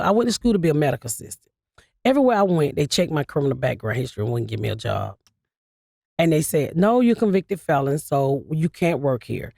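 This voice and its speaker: A woman comedian in her fifties, appearing as a guest in a casual interview, tells stories bluntly and profanely, laughing as she goes. Her deep voice is gravelly and a little mellow, recorded with studio quality and no echo.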